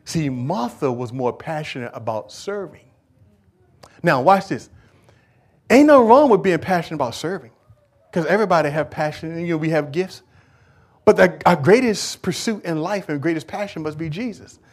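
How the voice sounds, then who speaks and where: A man preaching a church sermon, moving from quiet, conversational talk to loud call-and-response questions. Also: fairly high pitch, expressive, moderate pace. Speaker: pastor. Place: church service.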